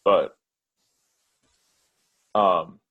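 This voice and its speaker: A young man co-hosting a casual chat, telling a story hesitantly with many pauses. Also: sits low, steady tone, phone-quality sound. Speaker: podcast co-host.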